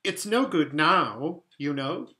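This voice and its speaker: A man playing a weeping faun, sorrowful, bright, storybook reading. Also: a little high, animated, takes it slowly, heavily acted. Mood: sobbing. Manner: sobbing, sorrowful. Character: tearful guilt-ridden male faun.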